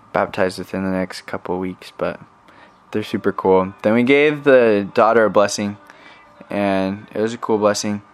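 A man's voice: fairly low pitch, clear, resonant tone. A young man, a missionary, telling stories in a casual recorded message to his family, rambling with many fillers. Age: young adult.

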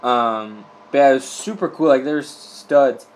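A man's voice: mid-range voice, a little slow. A young man, a missionary, telling a rambling casual story with lots of filler words and frequent laughter. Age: young adult.

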